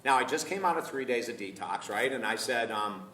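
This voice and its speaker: Male minister-teacher, animated storyteller, bright tone, roomy live recording with faint background noise. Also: mid-range voice, fairly quick, far from the mic. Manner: animated, laughs often, acts out dialogue. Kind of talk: personal storytelling talk to a live group. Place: room filmed live.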